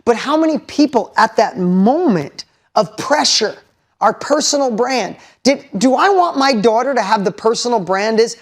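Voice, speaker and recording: A man's voice: very high voice, expressive, measured pace. A middle-aged man giving a motivational talk to a live audience, emphatic, repeating key lines and putting questions to the listeners. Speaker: motivational speaker.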